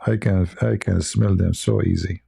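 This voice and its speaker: Gravelly, husky-voiced male stream host. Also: low voice, steady tone, normal speed, mellow, no echo, clean studio sound. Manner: chatty, laughs at his own stories. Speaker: livestream host. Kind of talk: casual live-stream chat.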